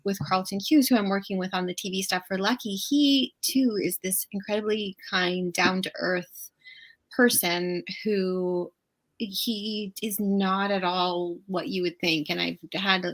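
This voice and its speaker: An author guest in a relaxed conversation, telling her stories with animation and frequent laughter. She is a woman with a mid-range voice. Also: medium pitch, a little slow. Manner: animated storyteller, laughs often. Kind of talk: casual interview chat.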